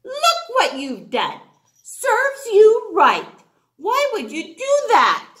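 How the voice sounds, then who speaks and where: A woman reading aloud and voicing an upset sea creature who blames and argues in high, indignant bursts. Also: wildly swooping pitch, slow, bright, forceful tone, reverberant, exaggerated voice.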